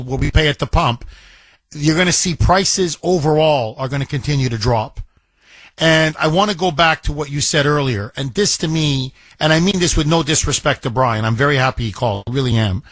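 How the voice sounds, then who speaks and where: A man's voice: a little high, a bit bright, husky, no room sound. A man hosting a talk radio show, taking callers and giving emphatic commentary, stressing words by repeating them.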